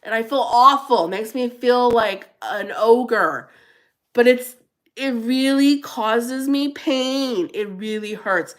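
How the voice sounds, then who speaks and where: Middle-aged lady chatting on her livestream, lively, laughs a lot, pitch jumps way up on quotes. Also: slow. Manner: animated, laughs often, squeals when quoting herself. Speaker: livestream host. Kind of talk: casual livestream chat.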